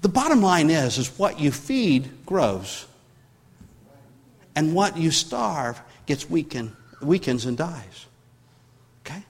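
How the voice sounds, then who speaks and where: A man's voice: on the high side, big pitch swings, slow, long pauses, slightly rough, big-room sound. A man preaching a sermon, telling a story with many restarts and rising in force when he drives home his point. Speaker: pastor.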